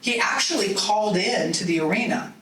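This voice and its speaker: A middle-aged woman, a political speaker telling animated, folksy stories to a party meeting. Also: mid-range voice, fairly quick, far from the mic, crowd noise. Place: meeting hall. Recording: roomy hall audio from off-mic.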